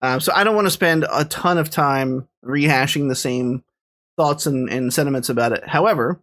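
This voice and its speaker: A man's voice: medium pitch, normal speed, fairly bright tone. A man co-hosting a casual podcast, rambling enthusiastically with lots of restarts. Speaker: podcast co-host. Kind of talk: casual chat.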